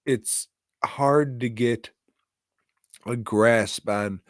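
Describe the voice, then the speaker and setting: Slow-talking, profane podcast co-host man. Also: medium pitch, no echo, clean studio sound. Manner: rambling, profane and exasperated. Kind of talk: casual movie review chat.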